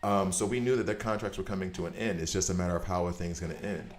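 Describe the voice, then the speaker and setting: A man streaming a game, chatting casually and telling rambling, animated stories. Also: deep voice, fast talker. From United States. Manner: animated storyteller, rambling tangents. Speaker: gaming streamer. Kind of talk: casual chat while gaming. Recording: echoey room.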